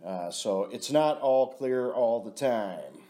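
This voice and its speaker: A man's voice: medium pitch, animated, slow pace, dark tone. A middle-aged man telling a rambling personal story in a casual vlog, swearing often and calling himself "your buddy". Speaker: vlogger.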